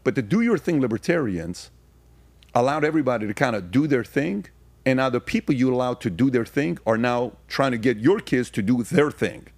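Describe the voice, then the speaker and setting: A man talking as a podcast guest, telling personal stories and then arguing his point emphatically with rapid rhetorical questions. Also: medium pitch, lively intonation, dry recording. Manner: frequent fillers and restarts. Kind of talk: casual conversation, storytelling.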